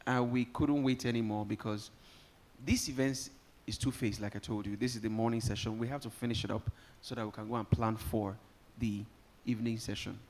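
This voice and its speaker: A man's voice: fairly low pitch, fairly quick, slight background noise. A Nigerian man hosting a live summit, joking with guests and rallying the audience from a conference hall. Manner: lively, joking, rallies the audience. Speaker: event host. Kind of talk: live event emceeing.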